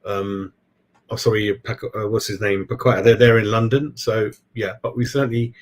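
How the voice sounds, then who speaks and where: A man's voice: fairly low pitch, steady tone, moderate pace. A man hosting a football fan channel, talking in a casual live-stream chat and answering viewers as he goes. He rambles from point to point and keeps dropping in "mate.". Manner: chatty, keeps saying "mate".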